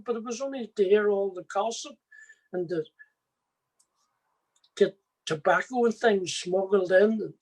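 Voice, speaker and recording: A man's voice: high-pitched, rough recording. A middle-aged man from Ireland, telling his own life story as an earnest testimony and speaking straight to his listeners. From Northern Ireland. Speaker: former prisoner giving testimony.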